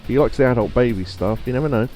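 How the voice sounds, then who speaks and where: A man's voice: medium pitch, fast, a little mellow, faint music behind. A man streaming a game, giving casual joking commentary with chuckling asides.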